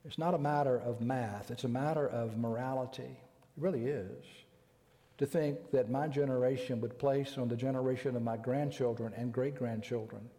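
An older man from the United States delivers a sermon in an emphatic, deliberate way, stretching out the words he wants to land. His voice sits at an ordinary middle pitch for a man. It rings with a long reverb. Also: steady tone, mellow. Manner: emphatic, deliberate, slows down to stress key words. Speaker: preacher.

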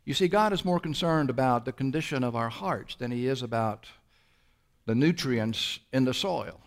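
A man preaching a sermon as pastor, pressing his listeners with rhetorical questions and shifting between quick bursts and slow, drawn-out phrases. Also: mid-range voice, lively intonation.

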